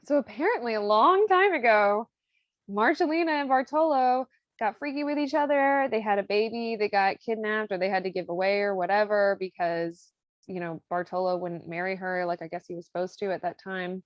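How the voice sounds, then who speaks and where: A woman's voice: mid-range voice, normal speed, dry recording, muffled recording. A woman podcast host casually retelling a story, chatty and swearing freely as she acts out the quotes. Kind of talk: casual retelling of an opera plot.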